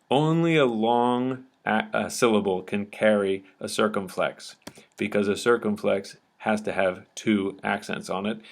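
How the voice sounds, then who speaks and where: Man, teacher, lowish voice, patient step-by-step explanation, lecture style. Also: vocal fry. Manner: patient, checks understanding often with "okay?".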